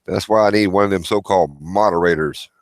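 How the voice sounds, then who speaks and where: A man's voice: low-pitched, a little fast, dry recording. A man hosting a casual livestream, rambling as he reads viewer chat and calls out names. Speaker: livestream host.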